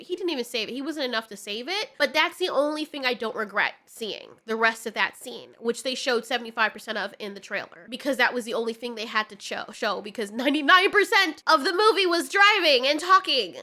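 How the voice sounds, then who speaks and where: A woman's voice: high voice, sharp tone. A woman giving a ranting casual film review, exasperated and sarcastic, swearing often. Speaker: movie reviewer.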